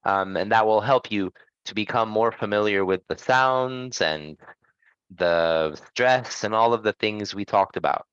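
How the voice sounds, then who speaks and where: A man leads an online pronunciation class at a slow, patient pace. His voice is close and dry. The sound is a little muffled, like call audio. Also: lowish voice, fairly bright tone, clean tone, no room sound. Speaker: English pronunciation teacher.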